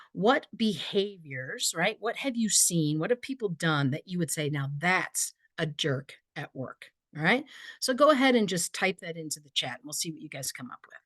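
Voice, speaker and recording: A woman's voice: lowish voice, no echo, studio quality. A woman with a Midwestern US accent presenting a virtual workshop over a video call, upbeat and chatty. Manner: upbeat, chatty, reacts to comments with laughs.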